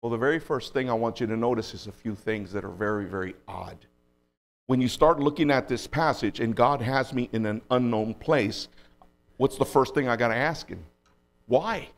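A man preaching a sermon as pastor, moving from low, quiet asides to raised, pleading cries. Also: normal speed.

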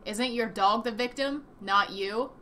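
A woman giving casual reaction commentary from home, indignant and animated, swearing often. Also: fairly high pitch, a little slow, slight background noise. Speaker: commentary vlogger. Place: home room with desk and a dog nearby.

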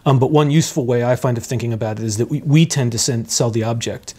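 A man's voice: mid-range voice, fast, a little mellow. A man who deals in rare books, explaining things in an interview in a hesitant way, full of fillers and restarts. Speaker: rare book dealer, guest. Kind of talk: conversational interview.

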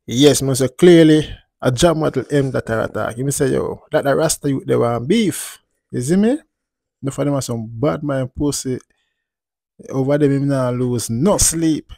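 A man with a lilt talks through the news in an easy, meandering way, looping back on his points. His voice sits at an ordinary middle pitch. The recording is dry and close, with no room sound. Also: moderate pace, vocal fry, warm tone, no room sound. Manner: laid-back, drifting, repeats "you see me". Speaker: channel host and commentator. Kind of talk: casual commentary vlog.

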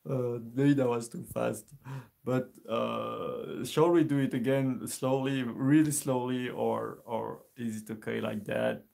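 A man teaching an instrument lesson on a live stream, speaking in a relaxed, hesitant way with many fillers and restarts. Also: mid-range voice, takes it slowly, vocal fry. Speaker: music teacher.

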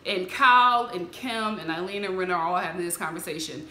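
A woman casually recapping a reality show, mimicking the cast members with bright put-on voices. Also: brisk, reverberant, a little hiss or hum. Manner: animated, mimics the people she recaps in a higher voice. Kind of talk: casual commentary.

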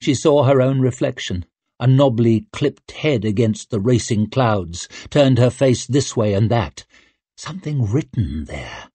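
A man narrating an audiobook in a measured, even storytelling manner. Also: mid-range voice, breathy edge, dry recording. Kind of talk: scripted narration.

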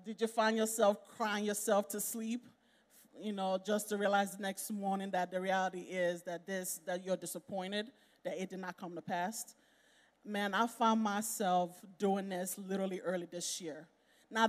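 A woman's voice: mid-range voice, darkish tone. A woman preaching a sermon in a church, talking conversationally and laughing with the congregation. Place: church sanctuary. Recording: reverberant church hall.

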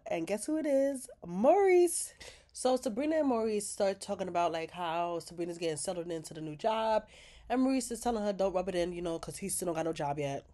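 A woman's voice: on the low side, dark tone. A woman giving a casual, chatty recap of a TV episode, retelling scenes with quoted dialogue and sassy asides. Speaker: recap vlogger.

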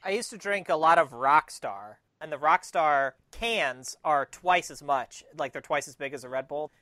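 A man co-hosting a casual podcast, telling stories with self-mocking humor. His voice is bright and a little high. The recording is dry. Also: lively intonation, normal speed, no echo. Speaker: podcast co-host. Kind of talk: casual chat.

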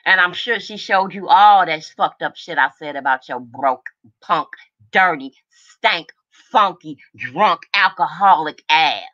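A woman's voice: lowish voice, expressive, unhurried, bright, forceful tone, highs cut off. Furious profane middle-aged woman ranting. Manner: furious, profane, confrontational, repeats lines for emphasis. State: agitated and overheated. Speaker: livestream host. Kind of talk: angry livestream rant.

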